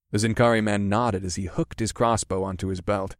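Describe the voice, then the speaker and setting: Guy reading a fantasy audiobook, lowish voice, steady, super dry sound. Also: dry recording. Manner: steady, measured storytelling. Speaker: narrator. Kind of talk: first-person audiobook narration.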